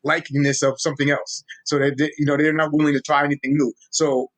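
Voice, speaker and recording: This casual interview guest, a young social media Tolkien explainer with a New York accent, talks fast in a slightly high, somewhat raised voice. He explains with street-flavored energy, restarting sentences and repeating words, relaxed and ready to teach.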